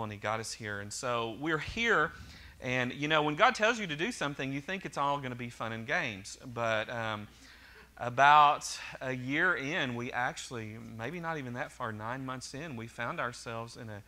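Man, middle-aged pastor, sermon, bright clear tone, conversational, joking asides. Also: medium pitch. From Oklahoma, USA.

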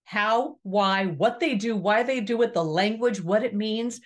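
A woman's voice: mid-range voice, a little slow. Earnest woman giving an inspirational talk. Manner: earnest, preachy, emphatic repetition. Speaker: motivational speaker. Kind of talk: inspirational monologue to camera.

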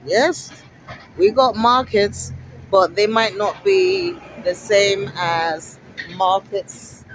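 A woman from Africa chatting to camera while she walks outdoors along a busy street. She repeats herself a lot, asks her viewers many rhetorical questions and gets excitable. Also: medium pitch, drawn-out words, a little hiss or hum, rough recording. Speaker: vlogger. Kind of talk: casual walking vlog to camera.

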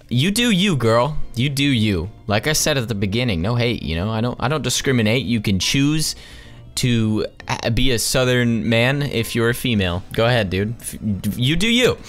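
A man's voice: mid-range voice, fairly bright tone. A young man casually commentating a video game, slangy and jokey, with sarcastic asides. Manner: slangy, jokey, sarcastic, calls everyone dude. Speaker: gaming channel host. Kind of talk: casual let's-play commentary.

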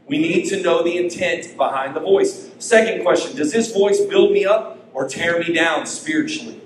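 A man preaching a sermon as pastor, emphatic, with his pitch rising and falling. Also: moderate pace, a little hiss or hum. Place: church sanctuary. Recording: echoey church hall.

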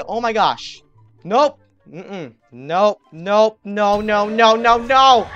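A man's voice: high-pitched, animated, normal speed, dull audio, faint music behind. Trash-talking young male gamer. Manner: trash-talking, yelling at other players. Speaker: gaming youtuber. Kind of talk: excited gameplay commentary.

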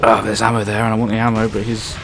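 A man giving casual gameplay commentary, joking and swearing a lot, growing loud and panicky when scared. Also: on the low side, completely flat delivery, rapid-fire, heavy background noise. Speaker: let's play gamer.

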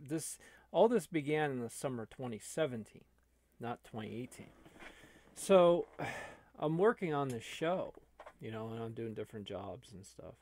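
Gravelly man rambling in casual talk. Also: mid-range voice, darkish tone, no room sound. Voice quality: gravelly, rambling with many restarts. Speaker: online video creator.

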